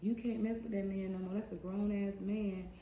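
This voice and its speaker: A woman's voice: medium pitch, little pitch movement, moderate pace, mellow, natural voice. Woman doing her strict, scolding mother. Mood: firm. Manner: firm, scolding. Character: strict protective mother laying down the law. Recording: dull echoey room recording, faint hiss.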